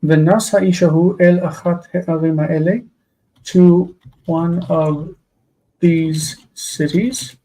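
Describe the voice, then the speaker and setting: A weary man with a gravelly, dark-toned voice, pitched a little higher than most men. He walks a live online class through Hebrew grammar exercises, explaining patiently with frequent pauses and ums. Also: fairly even intonation, rough recording. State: tired. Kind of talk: live-streamed language lesson.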